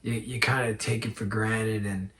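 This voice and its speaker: A man telling a story in a casual, animated way and laughing often. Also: lowish voice, normal speed, slight background noise. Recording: distant mic.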